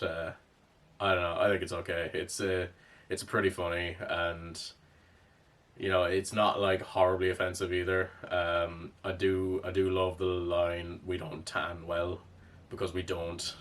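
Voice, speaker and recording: A man's voice: low-pitched, level tone, measured pace, fairly bright tone, distant mic. A young man with a Cork Irish accent, rambling through casual commentary with a wry tone and plenty of swearing. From Ireland.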